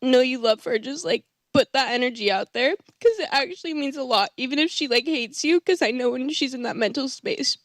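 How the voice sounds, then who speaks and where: A young woman sharing heartfelt advice in a halting, casual way, with many "like" fillers. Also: high voice, dry recording, studio quality. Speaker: coach's daughter sharing in a group session.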